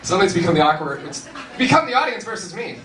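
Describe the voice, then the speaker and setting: A young man doing stand-up comedy in a large hall, animated and laughing often, with bursts of shouting. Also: high-pitched, fast, music in the background. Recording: roomy hall, distant mic, noisy.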